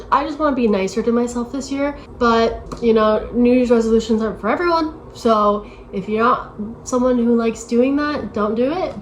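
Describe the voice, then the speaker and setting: A woman's voice: fairly high pitch, a little hiss or hum, rough recording. A woman in her late twenties talking casually to camera in a rambling, self-deprecating way, full of "like" fillers. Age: 20s. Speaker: vlogger. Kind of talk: casual vlog chat. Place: at home, moving to her desk.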